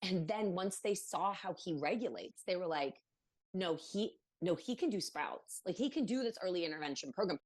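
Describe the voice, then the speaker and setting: A woman's voice: fairly low pitch, normal speed. A woman from Maryland, a podcast guest, telling a personal story in a casual interview, acting out what others said, with many fillers. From Maryland, USA. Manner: animated, acts out quoted voices, many fillers.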